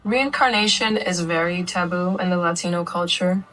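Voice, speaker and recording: A mother telling her family's story in an interview, recounting events in an earnest, steady way. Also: lowish voice, normal speed, low-quality recording. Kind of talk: documentary interview testimony.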